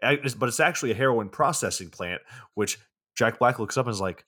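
A man in casual podcast chat, walking through a movie scene by scene in a loose, rambling way. He swears freely and fills gaps with "you know" and "like." His voice sits at a middling pitch for a man. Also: expressive, brisk, bright, forceful tone. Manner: loose and profane, lots of fillers. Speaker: podcast co-host.

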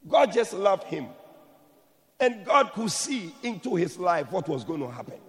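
A man preaching a sermon emphatically, moving from soft explanation to shouted blessings. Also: high voice, big pitch swings, unhurried, long reverb tail.

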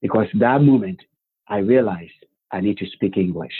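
Man, husky voice, tinny narrow sound, animated storyteller. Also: on the low side, normal speed. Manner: animated, rhetorical questions, acts out quotes. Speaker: guest. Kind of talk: personal storytelling. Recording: phone-like narrow band.

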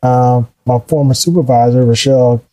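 A middle-aged man telling his career story in a casual, animated way, acting out the voices of people he quotes. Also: mid-range voice, normal speed, faint music behind, rough recording. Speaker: guest.

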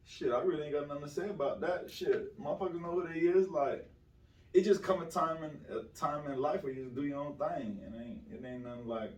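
A man's voice: a little high, brisk, darkish tone. A young man from South Florida, a guest telling stories in a slangy, swaggering casual interview. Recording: roomy, distant mic with faint ambience.

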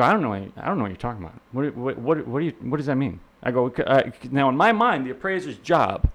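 A middle-aged man, a real estate instructor, telling rambling anecdotes as an interview guest, full of fillers and restarts, acting out the people he quotes. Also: mid-range voice. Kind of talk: casual storytelling in an interview.

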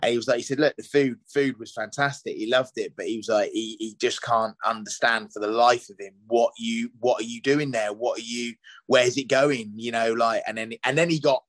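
A middle-aged man speaking at an ordinary pitch, recounting his past in a loose, rambling way and circling back with fillers as he goes. The recording is dry and close, with almost no room sound. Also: steady tone, fairly quick, a bit bright, no room sound, poor audio. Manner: rambling, with many restarts and "you know" fillers. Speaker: chef and restaurateur, podcast guest. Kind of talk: casual storytelling interview.

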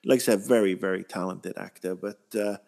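A man's voice: deep voice, fairly even intonation, fairly quick, gravelly, dark tone. Blunt, sweary man ranting. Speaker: podcast co-host. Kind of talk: casual podcast chat.

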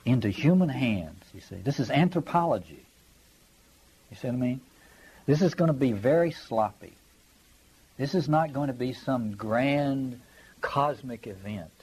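A man's voice: mid-range voice, lively intonation, measured pace, pauses often, a little mellow, slightly rough, poor audio. A man giving a conversational Bible study lecture, reading passages aloud and stressing his points while checking in with his listeners. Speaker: Bible teacher.

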